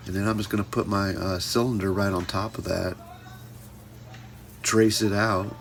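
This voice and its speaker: A man's voice: lowish voice, steady tone, normal speed, vocal fry, background noise. A man teaching a pottery class in a casual hands-on demonstration, joking with his viewers as he works. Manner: playful, jokey asides addressed to "folks".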